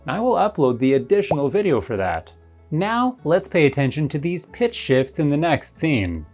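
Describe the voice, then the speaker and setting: A woman narrating an English lesson. Her voice is low but moves up and down a lot. She explains points clearly and methodically. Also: big pitch swings, normal speed, darkish tone, faint music behind. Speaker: English teacher.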